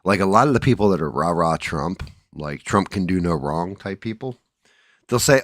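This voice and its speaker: A man's voice: sits low, expressive, normal speed, dry recording, studio quality. A man hosting a casual livestream, rambling bluntly with profanity and frequent restarts, groggy from just waking up. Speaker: livestream host.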